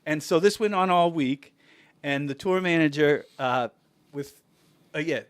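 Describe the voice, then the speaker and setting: A man telling a lively anecdote as a podcast guest. His voice sits a little high for a man, and he keeps slipping into other people's quoted lines between laughs. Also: unhurried, clear, resonant tone. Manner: animated, acts out quotes with laughter. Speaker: guest band musician. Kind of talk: casual storytelling.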